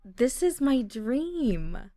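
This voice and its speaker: Woman as a nervous, earnest young woman in a life-sim game, slow and close-miked. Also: fairly high pitch, sing-song, dark tone, no room sound, voice pushed up, exaggerated voice. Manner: hesitant, earnest. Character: anxious young woman Sim heading to university.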